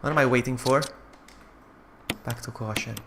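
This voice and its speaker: A man streaming a horror game, talking to himself in casual commentary that swings from low muttering to frustrated yelling. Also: steady tone, moderate pace, heavy background noise.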